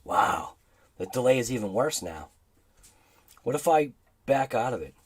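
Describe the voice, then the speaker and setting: A man's voice: mid-range voice, very animated, unhurried. A man with a Boston accent hosting a casual livestream, rambling and laughing as he reads chat aloud. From Boston area, United States. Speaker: livestream host.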